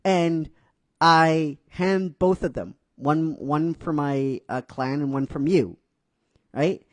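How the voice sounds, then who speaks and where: A man's voice: on the high side, slow pace, dry recording. A man casually retelling a fan story, rambling with restarts and frequent "right?" asides.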